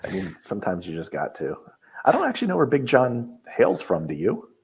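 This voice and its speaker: A man's voice: medium pitch, wildly swooping pitch, a little fast, creaky, slightly rough. A man co-hosting a casual podcast, wry and laid-back as he muses over a wrestling match. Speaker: podcast co-host.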